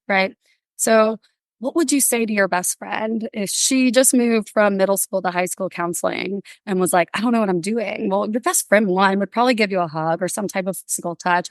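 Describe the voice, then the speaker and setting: A woman, a counselor and podcast guest, telling lively stories in a casual interview and acting out what she and others said. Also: mid-range voice, no room sound. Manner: animated storyteller, acts out quotes.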